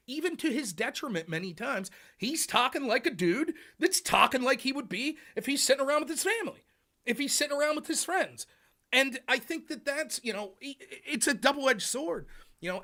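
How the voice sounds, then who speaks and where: Lively, bright-voiced American male host. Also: very high voice. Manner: animated, loose and casual, acts out quotes. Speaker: livestream host. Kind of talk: political talk.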